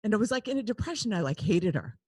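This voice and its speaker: A woman hosting a podcast, talking candidly and confessing things, laughing often and swinging between loud outbursts and hushed asides. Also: medium pitch, sing-song, fairly quick, husky, no echo. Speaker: podcast host.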